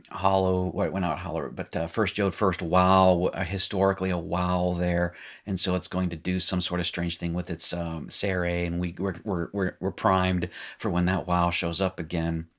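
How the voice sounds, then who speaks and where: A man teaching a recorded lesson in a casual, rambling way, reading from a textbook and correcting himself as he goes. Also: low-pitched. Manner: rambling, self-correcting, joking asides; reads textbook aloud then comments.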